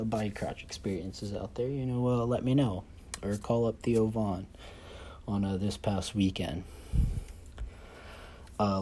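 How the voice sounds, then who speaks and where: A young man hosting his own podcast, rambling through casual chat full of fillers and swearing. His voice sits low and mellow. A faint background hum runs under everything. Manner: loose, profane, rambling with many fillers. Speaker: podcast host.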